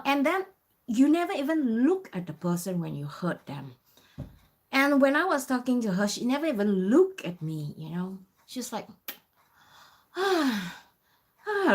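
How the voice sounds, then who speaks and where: A woman's voice: medium pitch, husky. Lady in her 50s, chatty storytelling vlog, lots of "you know", voice bouncing around. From Singapore. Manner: chatty, animated, many "you know" fillers. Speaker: vlogger. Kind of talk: casual storytelling.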